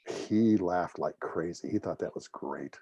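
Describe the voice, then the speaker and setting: A middle-aged former air force officer gives a guest talk, telling funny anecdotes and acting out what the people in his stories said. His voice is deep and slightly rough, moving at a measured pace with no echo. He comes across as a lively storyteller who jokes and plays out the dialogue.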